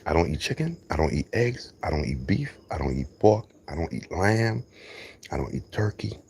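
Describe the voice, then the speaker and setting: A man with a very low, deep voice talks on a casual livestream from an outdoor yard while tending chickens. He riffs in an animated, preachy way and drops street slang. Faint roosters and insects sit behind him. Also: moderate pace, creaky, slight background noise. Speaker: livestream host on a farm.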